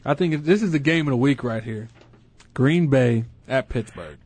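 A man's voice: mid-range voice, darkish tone, slightly rough, no echo. Easygoing male sports radio host. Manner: easygoing, joking, quick to laugh. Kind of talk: casual sports talk radio.

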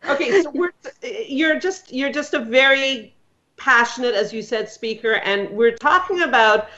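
A woman's voice: sits high, expressive, a little slow, pushed and bright, muffled recording. A woman hosting a radio talk show, chatting casually with lots of fillers and restarts.

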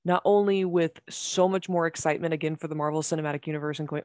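Excitable gushing podcast guest, dry sound. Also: medium pitch, no room sound. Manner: excitable, gushing, quick bursts with laughs. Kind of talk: casual chat.

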